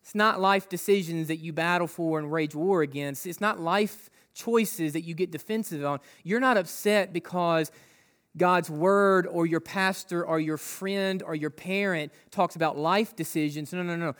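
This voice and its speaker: Male pastor with a high voice, preaching conversationally, full of rhetorical questions. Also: moderate pace, fairly bright tone. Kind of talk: sermon.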